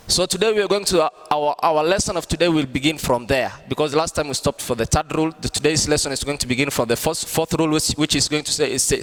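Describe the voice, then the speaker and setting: Male teacher, higher pitch, patient and repetitive, long reverb. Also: fairly bright tone. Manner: explains slowly, repeats and restarts often. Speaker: English teacher. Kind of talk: online grammar lesson.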